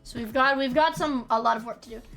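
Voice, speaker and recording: A woman's voice: fairly high pitch, fast, fairly bright tone, soft background music. A young woman streaming a game, chatting casually, swearing freely and often restarting her sentences. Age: young adult. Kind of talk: casual gaming livestream chat.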